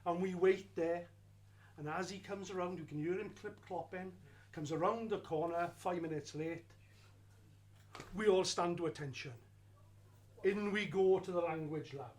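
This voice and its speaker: A man telling a lively first-person story of his school days, wry and slowing down for emphasis. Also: high voice. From Wales.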